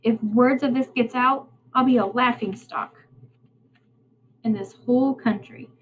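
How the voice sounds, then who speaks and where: A woman's voice: a little high, measured pace, narrow, tinny audio, slight background noise, lightly acted. A woman voicing a proud, bossy young male salesman in a storybook, speaking in a curt rural drawl.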